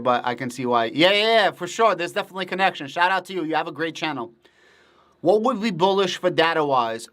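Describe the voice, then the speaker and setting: A middle-aged man whose first language is Russian, hosting a casual livestream and answering viewers' questions as they come in. His voice sits a bit higher than most men's. He talks bluntly and emphatically, swearing freely. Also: a bit bright. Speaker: livestream host. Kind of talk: casual livestream chat reading viewer comments.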